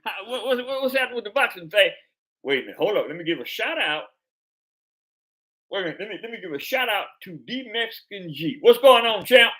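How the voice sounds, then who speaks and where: A man hosting a live chat stream, his bright voice swinging high and low. He talks loosely in street slang and stumbles, repeating words as he goes. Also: very animated, quick pace. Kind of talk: casual live stream talk.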